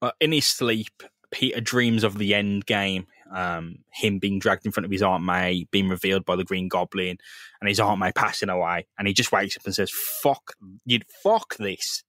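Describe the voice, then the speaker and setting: A man's voice: low-pitched, fairly even intonation, normal speed, bright, forceful tone, dry recording, clean studio sound. A man, a podcast co-host retelling a comic in casual, sweary banter and acting out the characters' lines. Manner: loose, sweary storytelling that acts out characters' lines. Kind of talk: casual comic chat recapping a comic.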